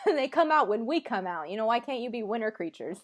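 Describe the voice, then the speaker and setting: A woman's voice: a little high, sing-song, a little fast. A woman on a video call who passes on a guest's words in casual chat and often laughs. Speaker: host relaying a channeled guest's words.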